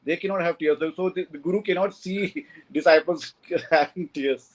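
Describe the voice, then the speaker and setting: A man's voice: fairly high pitch, normal speed, low-quality recording. A man speaking as a disciple to his teacher, deferential, repeating an honorific, with broken grammar. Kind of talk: reverent thanks and comment to the teacher.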